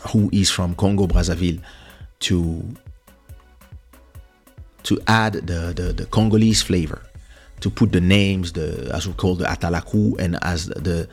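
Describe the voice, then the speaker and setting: This French podcast host has a low, slightly rough voice with vocal fry, fairly even intonation, an unhurried pace and long pauses. Reminiscing about his music career in a casual story, he keeps repeating and restarting words while he recalls.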